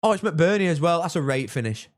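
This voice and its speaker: Excitable young man streaming football. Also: a little high, quick pace. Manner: excitable, reacts loudly to goals, chats with viewers. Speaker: livestream host. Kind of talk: live football watchalong chat.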